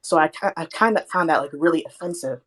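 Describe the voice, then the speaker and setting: A woman from Alabama, speaking in an earnest, halting way with many restarts in a live online discussion over a phone mic. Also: sits low. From Alabama, USA. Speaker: participant in a discussion. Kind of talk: live audio room debate.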